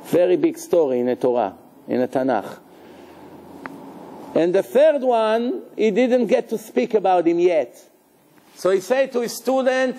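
A man, a rabbi, giving a live Torah lecture in a lively, joking way, questioning his listeners and sprinkling in Hebrew terms. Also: sits high, normal speed.

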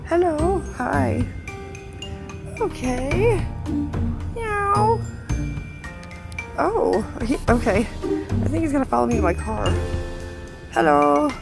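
A woman coos playfully at a street cat in a high voice that swoops all over, filmed outdoors on a handheld phone. Her slow talk has a gravelly edge, and music plays underneath. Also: lively intonation. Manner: cooing, playful baby talk. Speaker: vlogger. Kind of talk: casual talk to a cat while filming. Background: background music.

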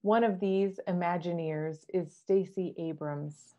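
A woman minister giving a sermon in a measured, earnest way. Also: fairly low pitch, steady tone, muffled recording.

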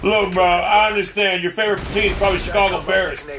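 Gravelly high-voiced man taunting gamers. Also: little pitch movement, fast talker, a crowd in the background. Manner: brash, taunting, yells insistently. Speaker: prank caller in game lobby voice chat. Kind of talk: trolling voice chat. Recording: noisy game audio with gunfire.

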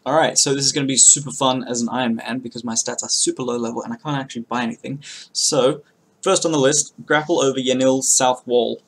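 A young man hosts a channel, giving casual, chatty gameplay commentary in a mid-range voice and talking fast. He swears freely and breaks into loud bursts of excitement.

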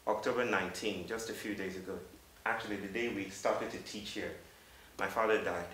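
A man in his thirties from Africa, giving an earnest, halting storytelling talk to a live audience. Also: on the low side, steady tone, fairly bright tone. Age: 30s. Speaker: public speaker. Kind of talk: storytelling lecture. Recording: roomy hall from a distant mic with faint hiss.

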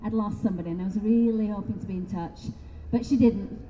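A middle-aged woman speaking to a live expo audience, telling her story in a chatty, animated way and often checking in with "right?". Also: medium pitch, fast talker, in a large hall, slight background noise. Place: expo hall talk.

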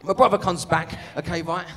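A man's voice: high-pitched, steady tone, normal speed, fairly bright tone, in a large hall. A man doing a live stand-up set, sweary and teasing the crowd. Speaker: stand-up comedian. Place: comedy venue stage.

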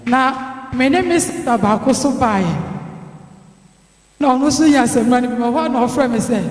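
A woman with a Ghanaian accent giving a church testimony, telling her story in a lively way and acting out the dialogue. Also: high voice, normal speed, pauses often. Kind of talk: spoken testimony. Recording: echoey hall, long reverb.

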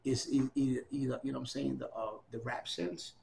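A middle-aged man recounting his life in a casual oral history interview, animated and acting out the dialogue of people he quotes. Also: medium pitch, fairly quick, creaky, a little hiss or hum.

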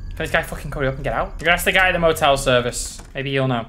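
A man's voice: a little high, fast, few pauses, pushed and bright, faint music behind. A man giving panicky, profanity-filled commentary while playing a horror game. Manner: jumpy, swears a lot, panicky reactions. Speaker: gaming channel host.

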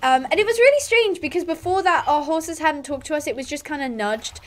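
A woman's voice: high-pitched, animated, a little fast. A woman chatting casually over her gameplay, rambling and reading quest lines aloud. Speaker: gaming youtuber.

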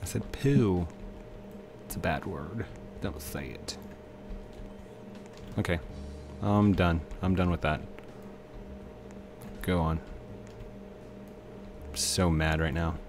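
With a low voice, a slow pace and long pauses, a man rambles casually while gaming, over background noise. He's chatty, talking both to himself and to the game.

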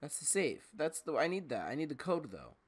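A man's voice: a little high, very animated, a little fast, slightly rough. A man doing casual let's-play commentary, joking, swearing and laughing to himself as he plays. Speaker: gamer.

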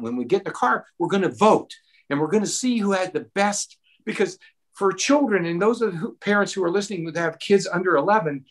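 A middle-aged man answering a question at a town hall, earnest and animated, giving parenting advice with personal stories. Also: sits high. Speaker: mental health expert.

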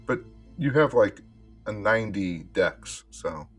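A man narrating as game master of a tabletop horror game, speaking unhurriedly with many pauses and fillers. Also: on the low side, lively intonation, husky, soft background music.

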